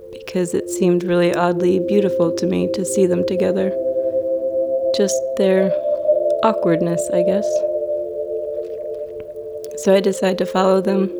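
A woman recounts a personal story in a slow, reflective, dreamy way. Her voice is low and gravelly, with very little rise and fall, and loud music plays underneath. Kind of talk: personal story told to an audience.

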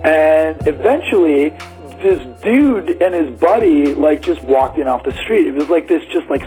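Rambling, slightly high-voiced man storyteller. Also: expressive, measured pace, dark tone, soft background music, poor audio. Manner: rambling, many "like"s, acts out quotes. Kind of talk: casual personal storytelling.

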